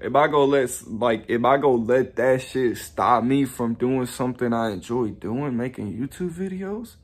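A young man with a medium-pitched, slightly breathy voice speaks at a moderate pace straight to the camera. He's a YouTuber giving a casual motivational monologue, a rambling, profane, self-reflective vlog where he often laughs at himself.

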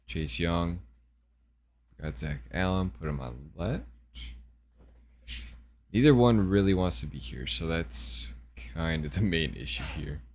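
A young man hosting his own gaming channel, giving relaxed, rambling commentary and thinking aloud as he plays. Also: low-pitched, a little hiss or hum. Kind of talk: casual gameplay commentary.

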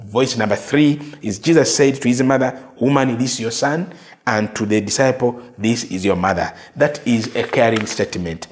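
Slow, emphatic preacher man. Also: medium pitch. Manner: slow, emphatic preaching with repeated phrases and quoted lines. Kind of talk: sermon.

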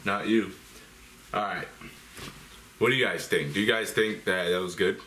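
Casual American male reaction host, low-pitched and forceful, blunt and direct with viewers. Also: steady tone, normal speed, a little hiss or hum. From United States. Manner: blunt, talks straight to viewers.

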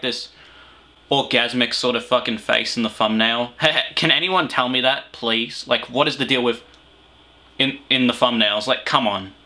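A teenage Australian guy with a medium-pitched, bright, forceful voice hosts a reaction video from a small room at home, a heater running nearby. His commentary is crude and comic, rambling along with plenty of swearing and filler words.

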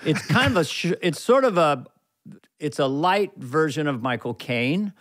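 A man in his sixties, a comedian guest on a casual podcast, telling lively stories and breaking into impressions. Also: on the high side, unhurried, dry recording, clean studio sound. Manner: animated storyteller, slipping into impressions.

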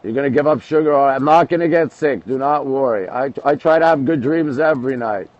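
A man's voice: mid-range voice, a little fast, no echo. A man from Canada hosting a casual late-night livestream from a rooftop, chatting with viewers and answering their comments. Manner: chatty, answers viewers one after another. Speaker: livestream host. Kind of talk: casual live-stream chat reading comments. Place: rooftop outdoors at night in the city. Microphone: phone. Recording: dull lo-fi phone audio.

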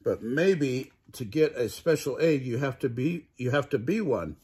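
An older man voicing an excitable male rooster in a storybook, with a husky voice. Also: mid-range voice, measured pace. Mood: eager.

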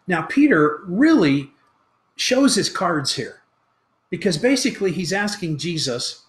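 A man preaching a sermon as pastor, retelling a story with lively acted-out quotes. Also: fairly high pitch, measured pace, roomy sound. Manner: animated storytelling, acting out quoted lines.

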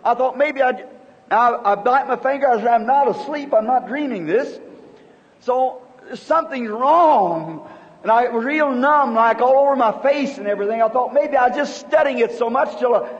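A man in his fifties preaching a sermon, telling a story in an earnest, halting way with many restarts. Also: extremely high pitch. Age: 50s. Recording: dull old sermon tape in a reverberant hall.

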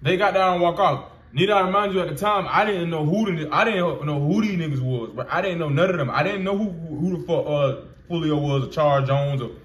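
A man's voice: a little high, fairly quick, hardly any pauses, a bit bright, slight background noise. Storytelling man in his twenties, echoey room. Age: 20s. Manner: loose, profane street slang with many fillers. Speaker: vlogger. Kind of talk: casual storytelling.

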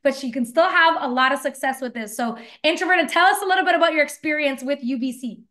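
A woman's voice: sits high, fast talker, sharp tone. A woman hosting a webinar over a video call, gushing and effusive as she praises her guests. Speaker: webinar host.

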